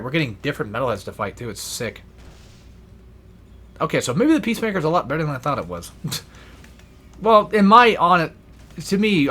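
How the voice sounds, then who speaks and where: A man's voice: medium pitch, sharp tone. A young man giving casual gameplay commentary, rambling and swearing freely with self-deprecating asides. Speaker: let's play gamer.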